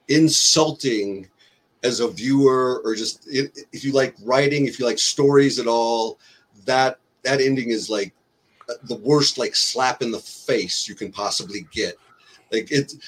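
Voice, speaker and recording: Husky man complaining heatedly. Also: medium pitch, fairly bright tone. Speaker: podcast guest. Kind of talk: casual podcast chat.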